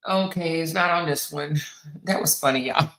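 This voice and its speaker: A woman's voice: sits low, measured pace, a bit bright, roomy sound, rough recording. A woman hosting a casual live stream, chatting with viewers in an exclamatory way. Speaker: commentary host reviewing court recordings.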